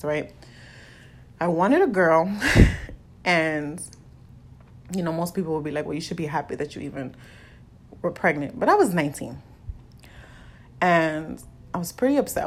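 A young adult woman hosting a solo podcast, talking candidly and confessionally with casual swearing. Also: lowish voice. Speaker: podcast host.

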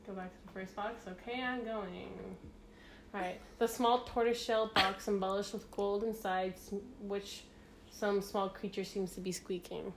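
A woman's voice: mid-range voice, steady tone, moderate pace, background noise. Giggly young woman reading quiz questions. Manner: giggly, reads questions aloud with playful asides. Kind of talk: casual chat.

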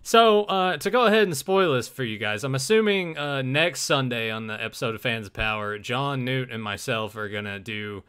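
A man's voice: mid-range voice, animated, moderate pace, few pauses, fairly bright tone, smooth. A man co-hosting a podcast, telling stories and cussing in casual chat. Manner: storytelling, cussing. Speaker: podcast co-host.

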